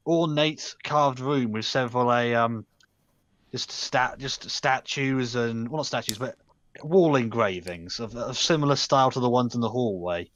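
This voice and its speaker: A man's voice: mid-range voice, fairly bright tone, no room sound. A young man running a tabletop game as game master, describing scenes casually with frequent restarts.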